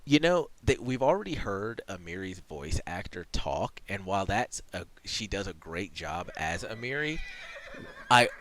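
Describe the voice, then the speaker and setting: Low-ish guy streamer reading a game out loud, rambly, lots of uh and like. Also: very animated, measured pace. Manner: rambling, many fillers and self-corrections. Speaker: let's play streamer. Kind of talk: casual game commentary and reading.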